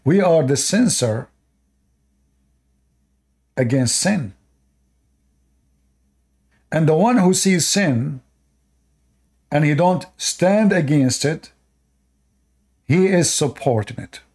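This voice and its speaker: Man, fairly high voice, indignant, preachy, reaction commentary, non-native English, rhetorical questions to the audience. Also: expressive, takes it slowly, long pauses, darkish tone, husky. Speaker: online religious commentator.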